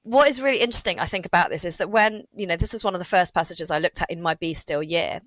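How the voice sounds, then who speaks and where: A woman author, a podcast guest, telling a story in a lively way with asides and little laughs. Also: fairly low pitch, quick pace, poor audio. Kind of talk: podcast interview.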